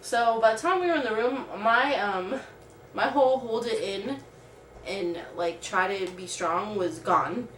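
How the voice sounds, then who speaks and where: A woman's voice: mid-range voice, unhurried, fairly bright tone, a little hiss or hum. A woman vlogger telling a personal story in casual, rambling talk full of "like". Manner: rambling, heavy use of "like". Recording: roomy sound from a distant mic.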